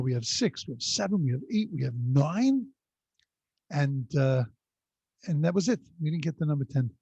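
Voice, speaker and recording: Rabbi, male, husky, slightly higher voice, rambling storyteller, dull video-call sound. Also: warm tone, no room sound. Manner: rambling anecdotal delivery with frequent restarts. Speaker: rabbi teaching a class. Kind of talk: conversational storytelling lesson.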